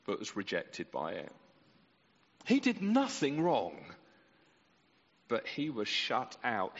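A man preaching with passion, his voice leaping high and dropping low as he builds and releases each point. His words ring out with a long reverb through a large church hall. The sound is slightly muffled. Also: a bit bright. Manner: impassioned, with sweeping rises and drops in pitch and volume. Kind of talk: sermon.

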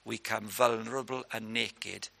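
Guy preaching, gravelly edge, chatty and punchy, throws questions at the crowd. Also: fairly low pitch, steady tone, a little slow, pushed and bright. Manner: conversational, punchy, asks the audience questions. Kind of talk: sermon. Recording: long hall reverb.

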